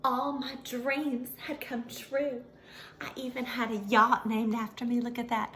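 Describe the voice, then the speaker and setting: A woman telling a children's story in an animated way, speaking as the character in the first person. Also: fairly high pitch, unhurried, loud music behind the voice. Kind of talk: expressive read-aloud storytelling. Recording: echoey room.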